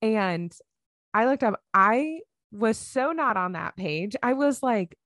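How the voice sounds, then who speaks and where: A woman's voice: on the high side, lively intonation, takes it slowly, a bit bright, dry recording, clean studio sound. A woman co-hosting a podcast, telling stories in a casual, chatty way with many fillers and acted-out quotes. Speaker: podcast co-host. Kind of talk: casual chat.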